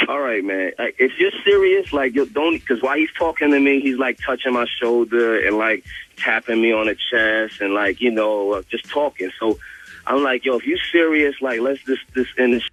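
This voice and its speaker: A young man calling in to a radio show, telling a story in a casual, animated way, swearing freely and filling his speech with "like" and repeated words. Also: mid-range voice, normal speed, muffled recording. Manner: animated, profane, full of "like" and repeats.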